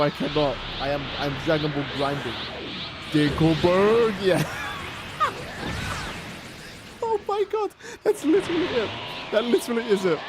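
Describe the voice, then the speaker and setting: A man hosting a game livestream, chatting casually and ranting in an animated, profane, exasperated way. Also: high voice, background noise. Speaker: livestream gamer host.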